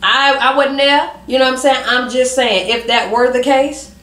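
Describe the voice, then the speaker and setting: A woman's voice: high-pitched, fairly even intonation, moderate pace, fairly bright tone. A woman co-host in a casual chat, emphatic and slangy. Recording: echoey room.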